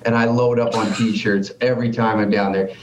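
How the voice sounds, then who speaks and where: A man's voice: fairly low pitch, flat delivery, normal speed, a little hiss or hum. Canadian man telling loose profane stories. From Canada (southern Alberta). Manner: laid-back, profane storytelling. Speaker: podcast guest. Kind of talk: casual chat. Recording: roomy, dull lo-fi sound.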